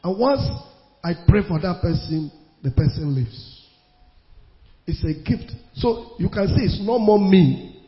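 A man preaching a sermon as a pastor. He repeats his phrases and swings between loud bursts and quiet asides. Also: sits high, lively intonation, a little slow. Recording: reverberant hall, dull lo-fi sound.

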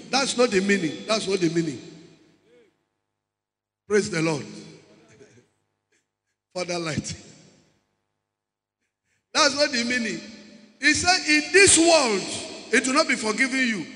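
A man's voice: high voice, lively intonation, unhurried, long pauses, bright, forceful tone. A man preaching a sermon, emphatic and repeating key words as he calls out to the congregation. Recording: echoey hall with long reverb.

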